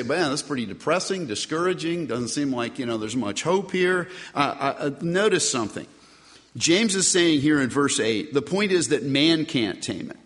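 A male pastor delivering a sermon in a church sanctuary. His voice sits mid-range and moves between emphatic, lifted phrases and quieter, settled endings. A long reverb hangs behind each line. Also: mid-range voice. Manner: emphatic preaching with rising and falling delivery.

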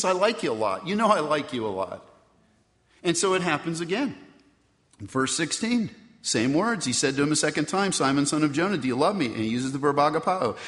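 A man's voice: a little high, fairly bright tone. Preaching man in a reverberant church hall. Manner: conversational preaching with rhetorical questions and acted-out quotes. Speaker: pastor. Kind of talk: sermon. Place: church sanctuary. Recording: long reverb from a large hall.

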